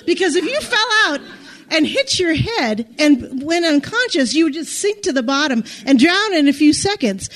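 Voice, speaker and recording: Woman, high-pitched voice, personal storytelling, lively and self-mocking, stops and restarts mid-sentence. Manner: animated, self-deprecating, frequent restarts.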